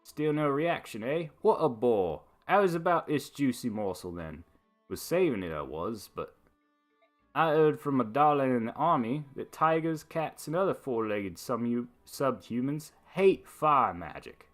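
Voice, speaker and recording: A man voicing a nosy, chatty young female servant in a game, with a put-on British accent and a high, exaggerated lilt. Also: very animated, unhurried, soft background music. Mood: gossipy. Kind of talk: reading game dialogue aloud.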